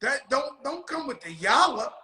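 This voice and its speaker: Loud, bright-voiced rowdy man host. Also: very high voice, big pitch swings, normal speed, echoey room, rough recording. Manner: rowdy, profane storytelling with shouted bursts. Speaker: show host. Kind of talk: casual chat.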